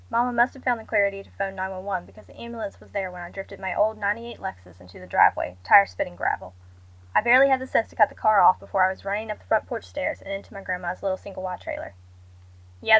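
A young adult woman reading a first-person story aloud in a measured, subdued way. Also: medium pitch, a bit bright, no echo, rough recording. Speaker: narrator.

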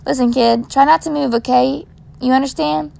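A woman voicing a brusque male paramedic in a storybook reading, giving clipped, hurried orders. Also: sits high, fairly even intonation, gravelly, mellow. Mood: gruff.

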